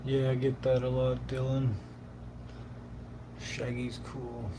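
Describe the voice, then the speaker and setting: A man co-hosting in casual chat, dropping short, laconic remarks. He speaks slowly and flatly. The room is echoey and there is clear noise behind him. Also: mid-range voice. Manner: slow, flat, laconic interjections.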